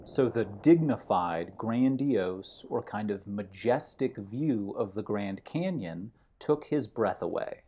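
A man teaches vocabulary outdoors on a hiking trail, taking it slowly and explaining each word step by step. His voice is mellow and a little husky, and he restates every example in plain terms. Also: lowish voice, animated. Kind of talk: walking vocabulary lesson.

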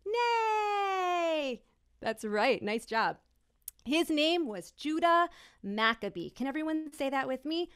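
A woman's voice: sits high, lively intonation, measured pace, fairly bright tone. A woman hosting an interactive children's holiday show over a video call, bubbly and encouraging, calling out children by name. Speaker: children's musician and host.

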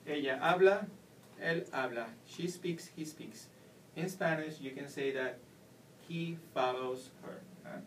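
A man teaches Spanish verb endings at a whiteboard, walking through each step patiently. He sounds set back from the camera mic, with a faint hum of room noise behind him. His pitch sits in an ordinary middle range. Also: measured pace, fairly bright tone, recorded from a distance, low-quality recording. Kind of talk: whiteboard language lesson.

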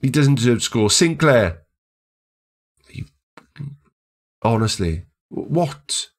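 A man commentating his own football management game, chatty and building to excited shouts at the screen. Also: medium pitch, slow. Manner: excitable, yelling at the screen during big moments. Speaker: gaming YouTuber.

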